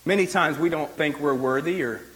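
High-pitched male pastor, casual sermon delivery, relaxed conversational preaching. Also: fairly quick, low-quality recording. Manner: conversational preaching with frequent "like" and restarts.

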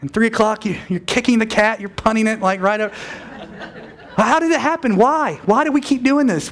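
Animated male pastor preaching a sermon. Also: high voice. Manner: animated, conversational, self-correcting with quick asides. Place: church.

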